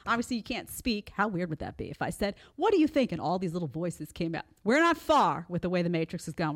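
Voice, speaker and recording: A woman in her forties hosts a live show with a lively, swooping delivery. She talks back to clips with sarcasm and often slips into mocking voices. Her pitch sits mid-range for a woman. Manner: sarcastic, animated, mocks others in put-on voices. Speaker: host.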